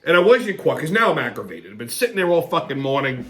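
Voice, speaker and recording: A man's voice: on the high side, sing-song, fast, crowd noise. A man hosting his own show, telling a long story in a blunt, rambling and profane way. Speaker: host. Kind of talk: casual storytelling monologue.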